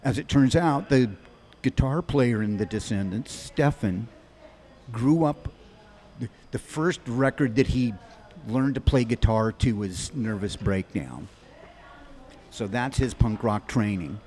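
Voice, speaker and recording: A man in his sixties, a musician guest on a podcast, telling long anecdotes in quick animated bursts with many restarts. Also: medium pitch. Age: 60s. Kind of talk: rambling storytelling in an interview.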